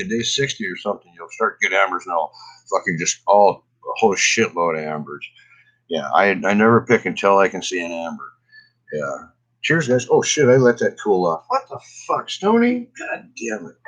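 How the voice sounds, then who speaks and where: A middle-aged cannabis vlogger chats casually on a livestream, rambling, swearing, laughing often and coughing from smoke. His voice is on the low side and a bit bright, and the audio quality is poor.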